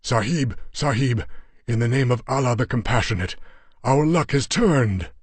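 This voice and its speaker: A man voicing a big, battered, pious Afghan warrior who speaks in a croaking voice and formal, old-fashioned phrases. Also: deep voice, a little slow, dry recording. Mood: fervent. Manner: formal archaic speech, fervent exclamations.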